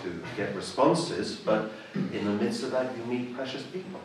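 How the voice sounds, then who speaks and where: A man's voice: mid-range voice, sing-song, moderate pace, a little hiss or hum. A man with an English accent giving a personal testimony, a self-deprecating storyteller who acts out the voices of people in his story. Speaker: church member giving a testimony. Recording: echoey room heard from a distance.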